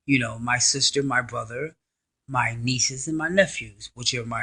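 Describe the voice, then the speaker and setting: A man in his thirties, talking in a halting, rambling, self-correcting way in a self-interview monologue. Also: mid-range voice, sharp tone, slightly rough. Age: 30s. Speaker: vlogger.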